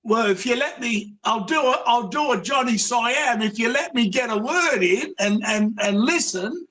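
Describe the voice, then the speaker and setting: Man calling in, very high voice, keeps cutting in to make his point. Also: animated, normal speed, pushed and bright. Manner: interrupting, insistent. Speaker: caller. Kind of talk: casual call-in chat.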